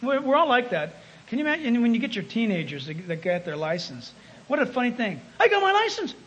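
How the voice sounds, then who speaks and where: A man preaching a sermon, emphatic, swinging between loud calls and hushed asides. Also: high voice, animated, fairly quick, muffled recording, slight background noise.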